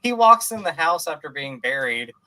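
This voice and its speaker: An enthusiastic man co-hosts a casual movie podcast, his voice bright and crisp. He gushes and rambles happily, with plenty of fillers along the way. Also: fairly high pitch, normal speed. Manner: animated, gushing, many fillers. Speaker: podcast co-host.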